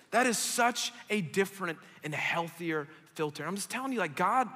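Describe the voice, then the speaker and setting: A young man preaching a casual sermon to young adults, talking fast and chatty with lots of filler words. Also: sits high. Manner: animated, conversational, quick asides with filler likes. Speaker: pastor. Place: church hall. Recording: reverberant church hall.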